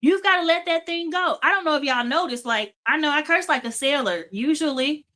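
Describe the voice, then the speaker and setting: A woman's voice: high-pitched, expressive, brisk, pushed and bright. A woman hosting a faith-based motivational talk show, speaking emphatically and repeating phrases for emphasis. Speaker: host.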